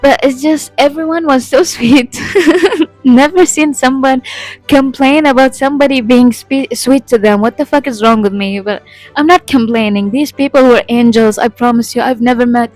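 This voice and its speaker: A woman's voice: high voice, poor audio. Rambling, profane young woman vlogger. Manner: rambling, profane and self-deprecating, laughing often. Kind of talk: casual storytime vlog.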